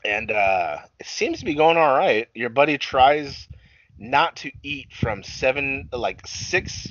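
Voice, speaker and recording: A man's voice: medium pitch, animated, takes it slowly, fairly bright tone, no echo, lo-fi sound. A young man co-hosting a casual podcast, profane and self-deprecating, laughing often. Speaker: podcast co-host.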